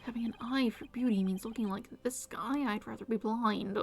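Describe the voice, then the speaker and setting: A woman's voice: on the high side, steady tone, moderate pace, a little hiss or hum. Wry joking woman streamer. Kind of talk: casual game commentary. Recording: faint music behind.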